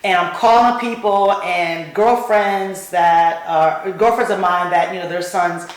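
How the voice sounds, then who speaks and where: Animated woman telling her story, acts out voices, kinda low, heavy echo. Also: unhurried. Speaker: guest speaker. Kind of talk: personal storytelling in conversation. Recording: very echoey room.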